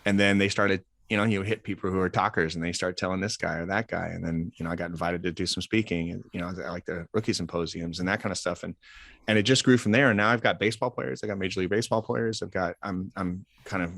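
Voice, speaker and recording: Fast-talking deep-voiced man in his forties. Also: vocal fry, no echo, clean studio sound. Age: 40s. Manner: animated storyteller acting out quoted dialogue. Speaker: life coach for athletes. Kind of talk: casual interview storytelling. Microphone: close podcast mic.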